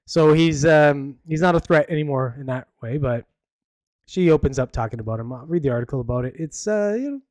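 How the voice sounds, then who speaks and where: A man hosts a podcast by himself, chatting casually about the news in an opinionated, rambling way, full of fillers and restarts. His fairly high, darkish-toned voice is animated and a little fast. The recording is dry and studio quality.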